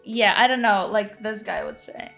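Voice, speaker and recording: A woman's voice: mid-range voice, normal speed, creaky, a bit bright, soft background music. A woman streamer playfully joking through casual game commentary.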